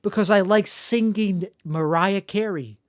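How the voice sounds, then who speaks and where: Male solo host, gravelly voice, rambling and self-deprecating, dry close sound. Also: high-pitched, a little slow, no echo. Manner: self-mocking and jokey, full of restarts. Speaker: podcast host.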